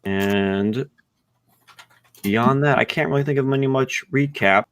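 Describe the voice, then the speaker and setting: A man's voice: mid-range voice, a little slow, a bit bright. A man running a tabletop game as game master, recapping in an easygoing, loose way. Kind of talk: casual game narration over voice chat.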